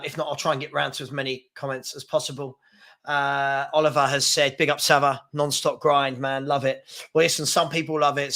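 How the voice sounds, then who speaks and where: A man's voice: on the high side, bright, forceful tone. A man hosting a live football fan stream, chatting loosely and reading out viewer comments, with plenty of fillers and restarts. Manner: rambling, with fillers and repeated words. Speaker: fan channel host.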